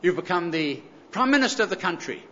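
A man's voice: sits high, very animated, fast talker, pushed and bright, slight background noise. A man preaching a sermon, emphatic, repeating key phrases and asking the congregation rhetorical questions. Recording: echoey hall, slightly dull sound.

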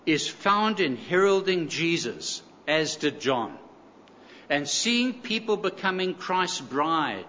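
A man's voice: fairly high pitch, bright, forceful tone, slight background noise. A man preaching a sermon, emphatic, repeating key phrases and asking the congregation rhetorical questions. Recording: echoey hall, slightly dull sound.

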